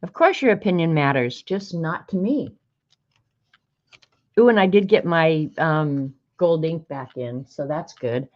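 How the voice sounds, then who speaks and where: Low-pitched woman, art livestream host, chatty and wry, greets viewers, slightly dull lo-fi audio. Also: animated, moderate pace, a little mellow. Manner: chatty, greets viewers by name, reads snarky sayings aloud. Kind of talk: casual livestream chat.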